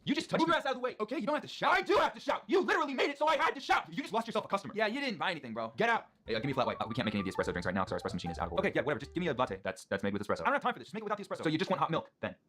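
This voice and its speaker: A man's voice: high voice, big pitch swings, rapid-fire, a bit bright. A young man acting out coffee shop sketch comedy, trading snappy, sarcastic lines between rude staff and difficult customers. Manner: snappy, sarcastic back-and-forth.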